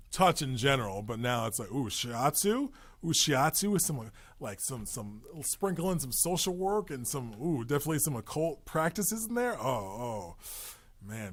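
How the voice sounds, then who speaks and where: Dude rambling on his podcast, swears a lot, jokey, mid-pitched voice. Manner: loose, profane, joking asides. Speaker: podcast host. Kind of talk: casual rambling monologue.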